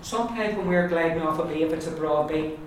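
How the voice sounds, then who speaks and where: A man with an Ulster accent teaching an Irish pronunciation lesson, modelling words slowly and repeating them patiently. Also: a little high. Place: classroom. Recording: echoey room, mic far off, background noise.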